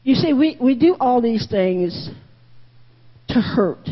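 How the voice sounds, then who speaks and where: A woman leads a Sunday school lesson in a church. Her husky, middle-pitched voice stays folksy and candid, circling back over her own phrases. The recording is muffled, and the room's echo lingers. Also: expressive, measured pace. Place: church classroom. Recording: muffled reverberant room recording.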